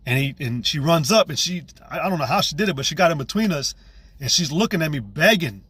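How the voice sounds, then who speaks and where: A man's voice: on the high side, expressive, fast talker, a bit bright, husky, no room sound. A young man giving a personal testimony in a casual, intense, profane way, with frequent restarts. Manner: intense, profane, with many restarts and "you know"s. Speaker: channel host giving testimony.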